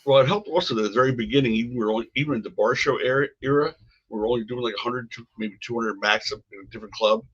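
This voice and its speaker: A man's voice: medium pitch, very fast, husky. An older man, a podcast guest, telling rambling stories from his past with frequent restarts. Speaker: podcast guest, former wrestling promoter. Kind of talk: casual storytelling conversation. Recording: dull lo-fi podcast audio.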